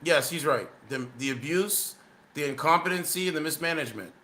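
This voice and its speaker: A man's voice: on the high side, expressive, a little fast, sharp tone, faint music behind. A man giving casual political commentary while reacting to clips, blunt and scoffing.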